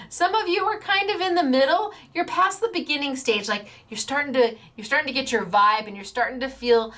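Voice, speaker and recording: A woman's voice: sits high, fairly quick, fairly bright tone. A woman hosting a paper-crafting show, talking in a bubbly, chatty way, laughing often and acting out little quotes. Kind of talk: casual chatty livestream.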